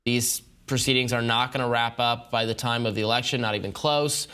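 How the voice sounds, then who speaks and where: Bright, crisp, analytical male voice. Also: mid-range voice, steady tone. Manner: deliberate, analytical, with many hesitations. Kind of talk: measured political analysis.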